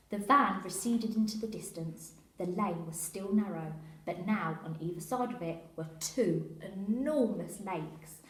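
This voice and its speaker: A woman teacher reading a children's story aloud in an expressive, animated way. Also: mid-range voice. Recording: echoey room.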